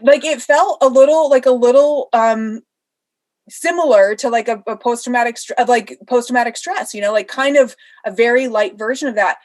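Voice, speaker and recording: A pregnant woman in a relaxed podcast chat, recounting long stories with frequent laughter. Her voice sits a little high, and she slips into little impersonations of the people she quotes. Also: normal speed. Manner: animated, laughs often, acts out quoted voices. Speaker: interview guest. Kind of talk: casual storytelling in a podcast interview.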